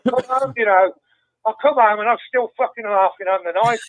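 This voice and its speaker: A man's voice: high-pitched, moderate pace, no echo. An older man calling in to a radio phone-in and telling a story with heavy swearing. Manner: swears constantly, animated storytelling. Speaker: caller. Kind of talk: casual phone-in chat. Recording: tinny phone line.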